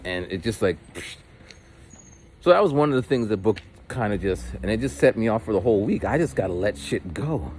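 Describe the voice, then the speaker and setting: A man vlogs while walking outdoors, chatting casually in a rambling monologue and swearing frequently, with faint street noise behind him. His voice is on the low side and darkish, expressive and fairly quick.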